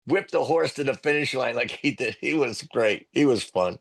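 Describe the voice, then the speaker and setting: A man, a comedian guest telling lively stories on a podcast and acting out other people's loud voices. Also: mid-range voice, a little fast, creaky. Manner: animated storyteller, acts out loud voices of others. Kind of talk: storytelling podcast interview.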